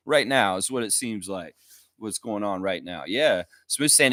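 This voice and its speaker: A man's voice: fairly low pitch, animated, moderate pace, fairly bright tone, no room sound. Guy ranting on his live fan stream, chatty and opinionated, dry close mic. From United States and Canada. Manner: casual, opinionated, reads viewer chat aloud. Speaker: fan show host.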